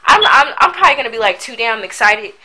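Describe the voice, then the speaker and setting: Speaking fast in a fairly high, expressive voice with a sharp tone, a young woman vlogs casually while packing at home. She's goofy and overdramatic, full of slang, recorded roughly on a built-in camera mic.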